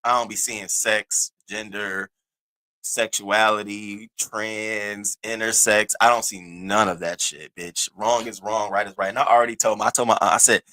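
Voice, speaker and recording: A man hosting an online show, telling a story in a loud, profane, animated rant and acting out the other people's voices. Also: fairly low pitch, normal speed. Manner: acts out the other voices in his stories. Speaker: host of an online news show. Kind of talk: casual livestream rant.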